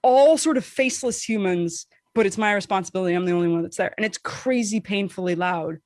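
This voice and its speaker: A woman podcast co-host telling a casual, animated story, swearing freely and acting out what people said. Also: a little fast, dry recording, clean studio sound. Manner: animated, profane, acts out quotes with big pitch swings.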